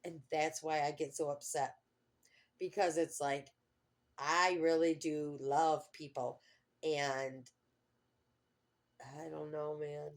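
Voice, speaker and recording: A middle-aged woman talking to her camera in a casual personal vlog, rambling and heartfelt, often trailing off mid-thought. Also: low-pitched. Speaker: vlogger.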